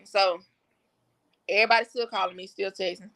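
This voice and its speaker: Woman on a podcast telling her story straight, slangy and blunt, kinda gravelly voice. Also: medium pitch, brisk, bright, forceful tone. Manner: blunt, slangy, matter-of-fact recounting. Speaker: podcast guest. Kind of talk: candid personal storytelling.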